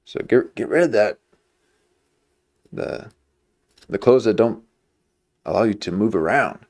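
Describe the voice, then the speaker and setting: A man's voice: fairly low pitch, animated, unhurried, darkish tone. A man streaming, chatting casually in a rambling, jokey way. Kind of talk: casual chat.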